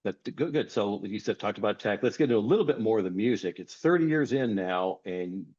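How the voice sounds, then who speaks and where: A man hosting a radio interview, asking questions with quick, stumbling lead-ins. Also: fairly low pitch, animated, darkish tone, lo-fi sound.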